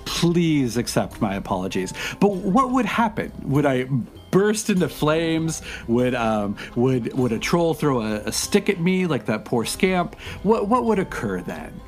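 An overly courteous bard, as a man puts him on, full of stammered apologies and long-winded questions. His pitch swings widely as he rambles. Faint music plays underneath. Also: very animated, a little slow. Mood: fretful. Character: overly polite, wordy male bard.

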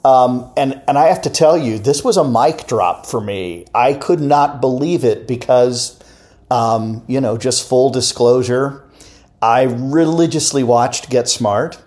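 A man with a mid-range voice hosts an interview. He talks in a halting, searching way, stopping and restarting as he shapes his questions. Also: mid-range voice, darkish tone. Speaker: podcast host.

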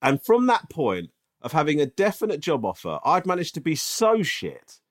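A man's voice: on the high side, normal speed. A man in casual podcast chat, telling a story with swearing and lots of asides. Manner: animated storytelling, swears often. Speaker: podcast co-host.

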